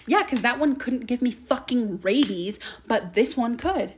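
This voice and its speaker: A woman's voice: on the high side, animated, unhurried, slight background noise. A young woman hosting her own podcast, rambling casually from topic to topic and swearing a lot. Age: young adult. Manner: chatty, swears a lot, jumps between topics. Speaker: podcast host.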